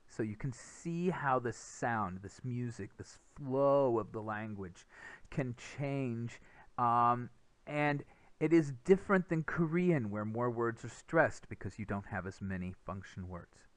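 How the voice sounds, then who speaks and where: A man lectures on speaking-test skills in a bright, forward voice. The sound is dry and close, with no room around it. He explains step by step and taps out speech rhythm in nonsense syllables. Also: mid-range voice, animated, unhurried, dry recording. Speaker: English test teacher. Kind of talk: recorded lecture over slides.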